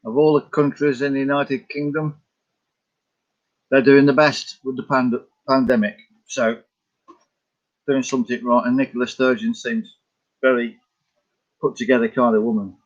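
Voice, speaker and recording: In a casual vlog about his paintings, this man muses aloud, drifts between thoughts, and keeps revising what he says. He speaks at normal speed in a mid-range voice with fairly even intonation, pausing often, and the audio sounds dull.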